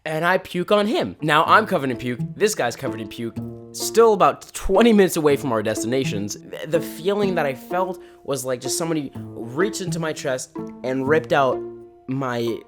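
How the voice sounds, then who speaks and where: Lively comic storyteller, a man. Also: on the high side, normal speed, music in the background. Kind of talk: animated storytime narration.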